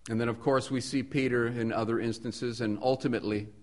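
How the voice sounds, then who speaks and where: A man preaching a sermon at a middle pitch, earnest and steady. He stacks repeated phrases to build emphasis. He drops to quiet, low passages, then rises to forceful ones. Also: a little fast. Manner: earnest, rhetorical repetition, swings between soft and emphatic.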